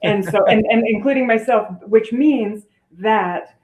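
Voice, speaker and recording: A woman's voice: on the high side, unhurried, a little mellow, echoey room, a little hiss or hum, low-quality recording. An older woman, a grandmother, giving earnest advice as a podcast guest. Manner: earnest, advising. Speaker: guest author and performance coach. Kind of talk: casual podcast conversation.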